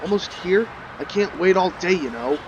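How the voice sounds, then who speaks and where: A man's voice: high voice, expressive, normal speed, highs cut off, very noisy. A man voicing an impatient male character's text messages in a visual novel. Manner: curt, impatient. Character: impatient man texting, a friend waiting.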